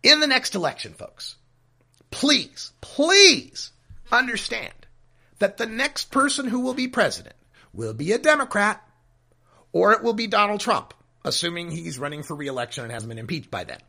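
Exasperated ranting podcast host, bright voice. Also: male voice, high-pitched, lively intonation, a little fast, vocal fry. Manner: exasperated, pleading, swearing. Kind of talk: political rant podcast. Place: home studio with mic software.

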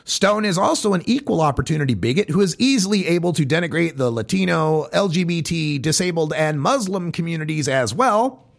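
A man with a fairly high voice that swoops up and down as he reads. He delivers pointed commentary at a measured pace, setting off each quote with pauses. His tone has a gravelly edge. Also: animated. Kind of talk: reading a list of quotes, commentary.

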